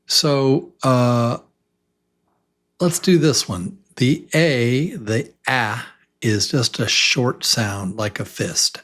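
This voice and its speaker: A man leading a beginner pronunciation class at an extremely slow, deliberate pace. He is patient and stretches out each vowel, says words over and over, and asks simple questions for learners to answer. His pitch sits in the middle range. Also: a bit bright. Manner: very slow, drawn-out vowel demonstrations and repetition. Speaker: ESL teacher.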